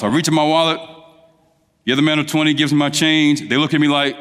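A male preacher telling a story in a sermon, animated, rising to high emphatic peaks. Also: fast talker. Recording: long reverb of a large hall.

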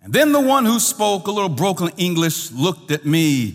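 A male pastor telling a story in a sermon, animated, his voice trailing off softly at the ends of phrases. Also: high-pitched, normal speed, hardly any pauses, big-room sound.

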